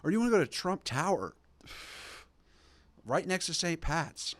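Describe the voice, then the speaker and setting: A young man on a podcast, riffing in a loose, sarcastic rant that wanders and stacks up fillers. His voice sits a touch higher than most men's and sounds close and dry, with no room around it. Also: big pitch swings, normal speed, no room sound. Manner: rambling, sarcastic, lots of "like" and mocking impressions. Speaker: podcast host. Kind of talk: casual political rant.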